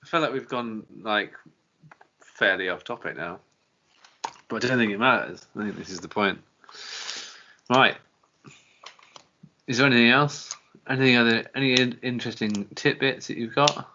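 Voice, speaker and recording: A man hosting a relaxed podcast chat, rambling on with plenty of asides. His voice is bright and forward, and the recording is dull and lo-fi. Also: mid-range voice, moderate pace, long pauses, a little hiss or hum. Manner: rambling, chatty, swearing, laughing. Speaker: podcast host. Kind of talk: casual chat.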